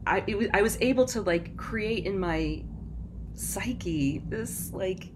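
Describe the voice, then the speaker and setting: A woman's voice: mid-range voice, slow pace, a little hiss or hum. A woman guest on a podcast, telling her story in a rambling, self-interrupting way and laughing often. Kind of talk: casual interview chat.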